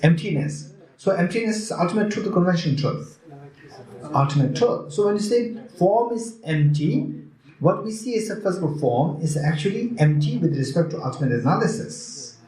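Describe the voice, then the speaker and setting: A man's voice: high-pitched, animated, normal speed, dark tone. A man teaching at a retreat, who keeps questioning and teasing his students and repeats key phrases. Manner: repeats phrases, quizzes and teases the audience. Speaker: Buddhist teacher. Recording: echoey room.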